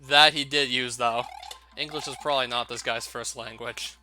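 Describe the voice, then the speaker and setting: A young man with a bright, forceful voice talks through a game in a casual, wry way and laughs often. Faint game music plays behind him. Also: mid-range voice, fairly even intonation, moderate pace. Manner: wry, laughs often, reads on-screen text aloud. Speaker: let's play commentator. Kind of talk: casual gameplay commentary.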